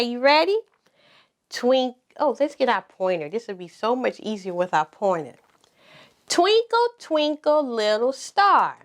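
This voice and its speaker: A woman teaching toddlers at circle time, speaking in a slow, sing-song, encouraging way and repeating words for the children to echo. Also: high voice. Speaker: preschool teacher.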